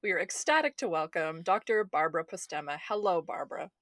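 Woman host in her 30s, lowish pitch, enthusiastic, laughs a lot, dry recording. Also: lively intonation, a little fast, fairly bright tone, dry recording. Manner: gushing, enthusiastic, laughs often. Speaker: podcast host. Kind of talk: casual podcast chat.

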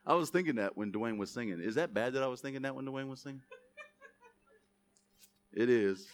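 A young man preaching a sermon as pastor, swinging between loud, emphatic preaching and self-mocking jokes. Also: mid-range voice, a little fast.

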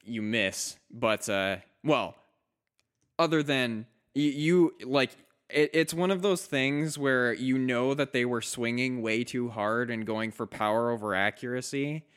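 Male game master, clear smooth tone, halting casual narration. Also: medium pitch, fairly bright tone. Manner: hesitant, many fillers and restarts.

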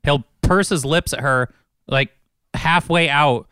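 A man's voice: fairly high pitch, slow pace, bright, forceful tone, clean tone, dry recording, studio quality. A young man co-hosting a casual podcast, teasing and opinionated. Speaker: podcast co-host. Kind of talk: casual chat.

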